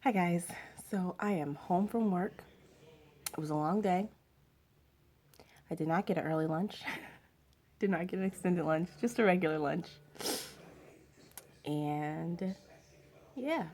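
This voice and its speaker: A woman's voice: fairly low pitch, slow pace, pauses often, a little mellow. A young woman vlogging at home in a casual, rambling chat with lots of fillers.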